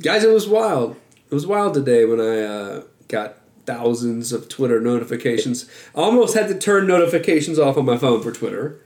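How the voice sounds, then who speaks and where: A man hosts a podcast in loose, rambling chat, cracking jokes as he goes. His voice sits at an ordinary middle pitch. The room gives it a clear echo. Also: lively intonation, normal speed, a little mellow. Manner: joking, rambling. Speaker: podcast host. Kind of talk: casual chat. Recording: roomy echo.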